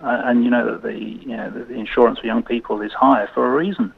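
Middle-aged british man, gravelly voice, phone-line sound, halting podcast guest chat. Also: medium pitch, fairly even intonation, a little hiss or hum. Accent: British English. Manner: hesitant, many restarts and fillers. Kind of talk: casual interview chat.

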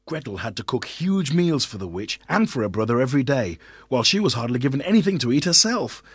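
A man's voice: medium pitch, big pitch swings, quick pace, a bit bright, slightly rough, no room sound, clean studio sound. A man narrating a children's story, with playful, wry asides to the listeners.

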